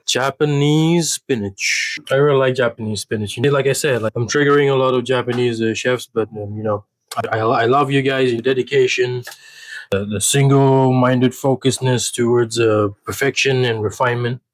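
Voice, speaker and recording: A man rambling deadpan while he cooks at home, halting with lots of fillers and restarts. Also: medium pitch. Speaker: home cook vlogger. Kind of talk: rambling casual monologue while cooking. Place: home kitchen.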